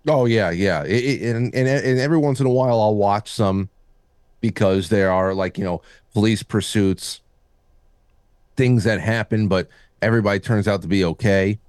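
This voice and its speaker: A man's voice: on the low side, normal speed, darkish tone, clean tone, dry recording, studio quality. A man co-hosting a talk show in casual chat, stammering and restarting sentences often. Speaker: podcast co-host.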